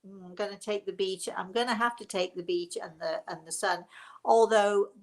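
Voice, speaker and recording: A woman hosts a live spirit-medium stream and answers her viewers in a warm, chatty way, with many fond terms of endearment. Her voice sits at an ordinary middle pitch. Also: steady tone, moderate pace. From England. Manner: affectionate, calls viewers darling.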